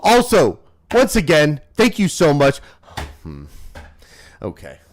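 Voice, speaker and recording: A male streamer in his thirties, talking off the cuff to his live chat. His pitch jumps all over the place, from booming shouts down to quiet muttering, and he is crude and teasing throughout. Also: huge pitch swings, takes it slowly. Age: 30s. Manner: rowdy, profane, teasing, swings between loud shouts and low mumbles.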